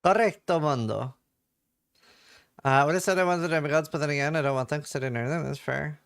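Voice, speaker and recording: A man's voice: on the high side, brisk, gravelly, fairly bright tone. A man from England chatting casually with viewers on a live stream, joking around.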